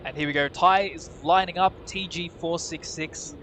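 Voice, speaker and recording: A man with an Australian accent giving relaxed live commentary on planes at an airport and chatting with viewers. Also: fairly high pitch, normal speed, slight background noise. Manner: relaxed, chatty, thanks viewers, frequent uh fillers. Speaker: co-host of a plane-spotting livestream. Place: outdoors at an airport car park.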